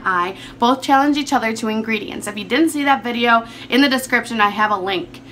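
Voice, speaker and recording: A woman with a hoarse, under-the-weather voice talks her way through a casual home cooking vlog, upbeat and rambling. Her tone is bright and sits a bit high, and a faint hum of household noise sits behind her. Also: brisk, hardly any pauses. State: hoarse from being sick. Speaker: vlogger.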